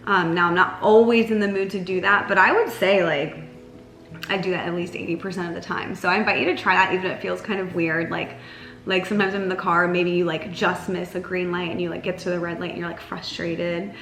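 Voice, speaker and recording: A chatty young woman talks straight to camera about everyday life, her words studded with "like". Her voice rings in a roomy, echoing space, and soft music plays faintly under it. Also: fairly even intonation, brisk. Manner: chatty, lots of "like", mocks herself in a whiny high voice. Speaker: lifestyle vlogger. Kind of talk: casual direct-to-camera advice.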